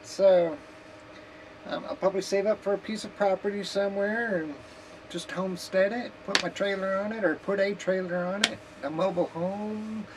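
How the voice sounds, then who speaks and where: A woman with a mid-range voice talks at normal speed with fairly even intonation. She's vlogging from her kitchen at home in a loose, joking, rambling style, now and then eating as she chats. A noisy hiss runs under the recording.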